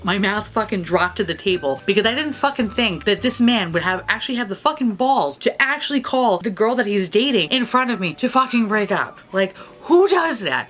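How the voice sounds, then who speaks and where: A woman vlogger telling stories casually, swearing often and rambling. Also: on the high side. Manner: profane, rambling, animated. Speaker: beauty vlogger. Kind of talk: casual storytelling vlog.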